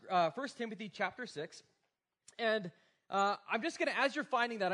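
A man's voice: high-pitched, a bit bright. Casual, joking preacher man in his forties. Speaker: pastor. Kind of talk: sermon.

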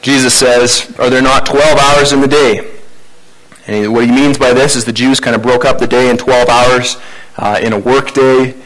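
A man's voice: mid-range voice, fairly even intonation, normal speed, a bit bright, rough recording. A man preaching a sermon in a conversational, informal way. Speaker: pastor.

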